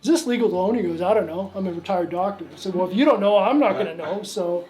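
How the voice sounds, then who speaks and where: A man from Canada, the owner of a museum, gives a casual storytelling tour of his collection, rambling along with lots of fillers and restarts. His voice is high-pitched, fast and a little mellow. The recording is low quality.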